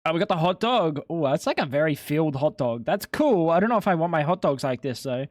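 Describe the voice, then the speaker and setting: A man's voice: a little high, expressive, brisk, dry recording, clean studio sound. A young man streaming live, chatting casually with his viewers in a laid-back, slangy way with some swearing.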